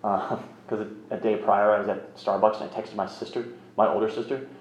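Here a thirty-something man shares his recovery story in a flat, fairly quick delivery from a lowish voice. The telling is frank, meandering and self-deprecating, and the audio sounds roomy and a bit muffled.

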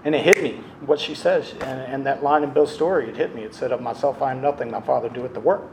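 A young man giving a halting, earnest personal testimony at a recovery meeting, full of ums and uhs. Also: mid-range voice, fairly even intonation. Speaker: speaker sharing his recovery story. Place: meeting room. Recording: echoey room with background noise.

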